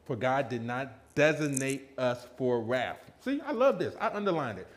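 Animated preacher man, lively voice. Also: medium pitch, normal speed. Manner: animated, laughing, acts out quotes in a raised voice. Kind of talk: lively sermon with personal story.

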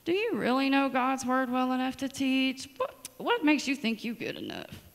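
A woman's voice: high-pitched, animated, moderate pace, gravelly, long reverb tail. A woman voicing a scornful, taunting devil inside her sermon. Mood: mocking. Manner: mocking, needling.

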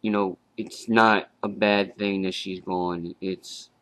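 A young man giving a halting, casual tribute to his late grandmother, with fillers and restarts. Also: deep voice, little pitch movement, fairly bright tone, dry recording. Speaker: grieving grandson.

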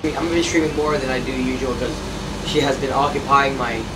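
A man's voice: medium pitch, fairly even intonation, fairly quick. A man chatting casually to his stream, rambling and frustrated, cursing. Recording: distant mic with room noise.

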